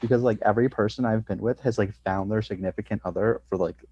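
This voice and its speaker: A lower-pitched man talking in loose, rambling podcast banter, tripping over restarts and fillers. The audio is dull and lo-fi, with a dry, close sound and no room echo. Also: quick pace, a little mellow, husky. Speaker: comedian guest.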